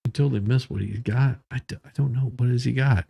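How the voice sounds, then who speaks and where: A man's voice: mid-range voice, fast talker, vocal fry, mellow, husky. A man hosting a morning news commentary stream, rambling and joking as he reads headlines and goes off on tangents. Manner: rambling, joking, self-interrupting. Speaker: host.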